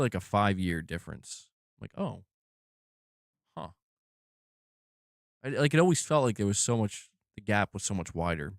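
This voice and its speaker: A man's voice: fairly low pitch, no echo, clean studio sound. A man streaming live, commenting on gaming news in a casual, slang-heavy, profane way. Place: home room.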